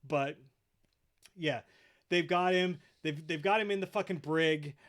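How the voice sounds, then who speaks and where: A man's voice: a little high, a little slow, fairly bright tone. A man hosting a podcast, retelling episodes casually with lots of swearing and quoted voices. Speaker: podcast host. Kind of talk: casual chat.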